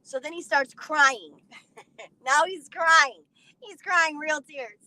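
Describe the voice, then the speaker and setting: High bright-voiced woman, blunt, cussing a lot, animated story time. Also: slow, no room sound, poor audio. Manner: blunt and animated, swears freely. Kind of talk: casual profane storytelling.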